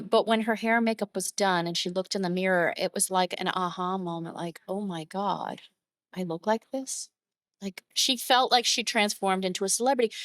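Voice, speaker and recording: A woman with a medium-pitched voice, recorded dry, appears as a photographer guest on an interview podcast. She tells stories in a conversational, warm and emotive way, growing animated when she voices her clients' words.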